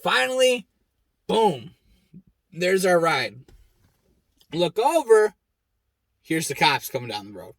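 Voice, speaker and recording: A young man hosting his own show, telling a story in a blunt, heavily profane, animated way and acting out the people he quotes. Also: high-pitched, takes it slowly, pauses often, dry recording. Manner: acts out quoted lines with raised shouting voice. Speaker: host. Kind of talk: casual storytelling monologue.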